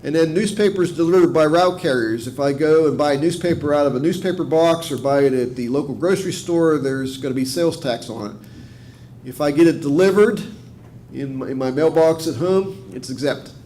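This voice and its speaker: Middle-aged virginia guy explaining tax stuff to a committee, bit high voice, lots of uhs. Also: a little mellow, a little hiss or hum. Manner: measured, explanatory, frequent fillers and restarts. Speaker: tax official testifying to a committee. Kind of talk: formal committee testimony.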